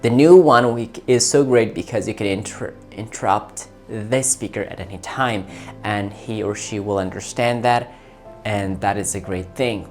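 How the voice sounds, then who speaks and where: A man hosting a tech video, talking informally and eagerly, often halting and repeating words as he chats with an AI assistant and his viewers. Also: fairly low pitch, darkish tone, faint music behind. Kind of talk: casual talk to an AI voice assistant and to viewers.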